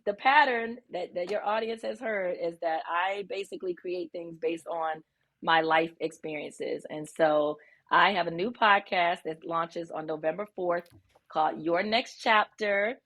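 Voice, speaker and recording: A woman doctor talks in a somewhat low voice, earnest and a bit halting, with frequent ums. She sounds warm and sincere. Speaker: guest, physician. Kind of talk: interview.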